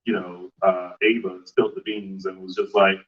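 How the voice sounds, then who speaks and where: Male host, casual interview, halting with fillers, far from the mic, muffled sound. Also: deep voice, flat delivery, fairly bright tone. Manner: halting, full of "you know" fillers. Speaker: podcast host interviewing guests. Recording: muffled live stream audio, distant mic.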